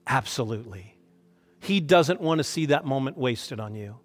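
A man preaching a sermon as a pastor, earnest and emotional, with lively emphasis. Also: mid-range voice, moderate pace. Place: church hall. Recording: long hall reverb.

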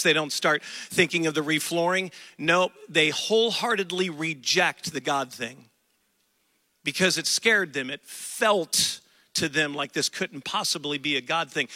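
Bright-voiced preaching man, dry sound. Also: high-pitched, no echo. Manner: emphatic preaching with slowed, dramatic delivery and acted quotes. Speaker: pastor. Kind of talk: sermon.

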